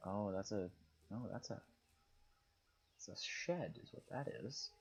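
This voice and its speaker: A young man giving relaxed, casual commentary while he plays a game, musing aloud and reading on-screen text. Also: fairly low pitch, unhurried, husky, poor audio. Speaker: gaming streamer.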